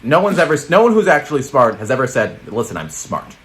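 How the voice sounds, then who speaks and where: Lively comedic male news co-host. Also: mid-range voice, fast. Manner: rambling, jokey, laughs often. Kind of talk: casual comedic banter.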